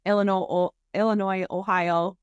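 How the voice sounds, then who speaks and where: A woman's voice: level tone, normal speed, clear, resonant tone, no room sound, muffled recording. A woman from Michigan, chatting with enthusiasm as a podcast guest and acting out quoted lines. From West Michigan, USA. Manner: chatty and enthusiastic, acts out quoted remarks with jumps in pitch. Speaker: guest, dairy sustainability founder. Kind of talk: casual interview chat.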